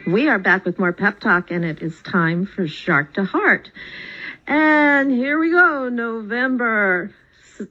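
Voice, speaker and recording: Cheerful lively woman radio host. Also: a little high, slow, highs cut off, soft background music. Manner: cheerful, laughs often. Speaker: talk show host and yoga teacher. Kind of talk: radio talk show hosting and reading aloud.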